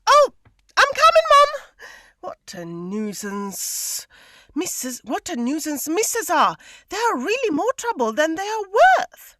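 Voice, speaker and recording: A woman's voice: very high-pitched, huge pitch swings, a little slow, bright, forceful tone, no echo, studio quality, full character voice. A woman reading a flustered young maid. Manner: fretful, dramatic asides. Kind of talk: script read-through.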